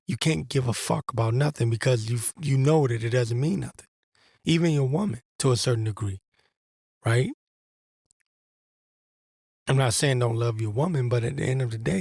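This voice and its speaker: A man's voice: medium pitch, a little mellow, no room sound, studio quality. A man giving a blunt, profane religious monologue as host, in an exasperated and crude manner. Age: adult veteran.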